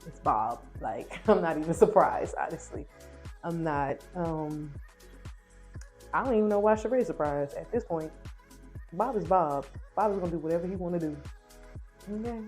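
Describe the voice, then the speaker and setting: A woman's voice: fairly low pitch, lively intonation, darkish tone, soft background music. Chatty woman recapping reality TV. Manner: chatty, opinionated, fast retelling. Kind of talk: casual episode recap.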